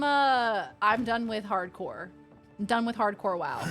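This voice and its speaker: Chatty woman streamer over faint music. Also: on the high side. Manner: chatty, animated, swears freely. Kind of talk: casual gaming commentary.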